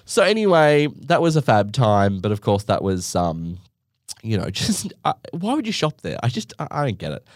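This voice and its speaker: Rambling through comic stories on his podcast, a man piles on asides and self-deprecating humor in a casual monologue. His medium-pitched voice has big pitch swings and a moderate pace, and the studio sound is clean with no echo.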